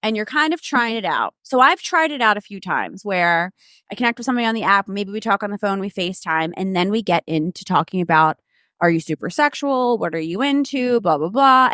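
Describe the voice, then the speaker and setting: A woman's voice: mid-range voice, bright, forceful tone, dry recording. Frank, self-assured woman, dry sound. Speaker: podcast co-host. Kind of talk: casual chat.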